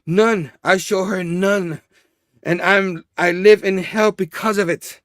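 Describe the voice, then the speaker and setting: A man's voice: high voice, fairly even intonation, takes it slowly, a bit bright, no room sound, clean studio sound. A man voicing a beaten-down male villain who whimpers and pleads. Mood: pleading.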